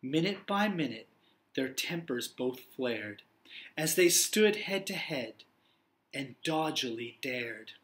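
A young man, a teacher, reading a picture book aloud to young children in an encouraging, expressive way. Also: mid-range voice, takes it slowly.

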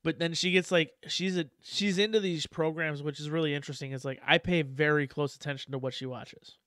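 Guy, 30s, casual podcast talker, slightly high smooth voice, dry room, easy laughs. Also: fairly even intonation, fairly quick, fairly bright tone, no room sound. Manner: loose, laughing, swears freely. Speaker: podcast guest. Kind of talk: casual chat.

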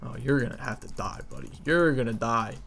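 Excitable young man commentating a game. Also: mid-range voice, brisk, vocal fry, faint music behind. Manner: excitable, talks to creatures, yelps at danger; stutters at times. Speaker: gamer.

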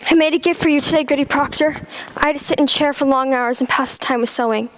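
A young woman acting an excitable, defiant eighteen-year-old servant girl in a school stage play. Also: high voice, fast, no room sound, lightly acted. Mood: earnest. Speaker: student actor.

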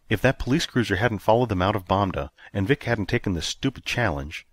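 A man narrating an audiobook in a steady, even storytelling manner. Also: lowish voice, dry recording. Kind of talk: scripted narration.

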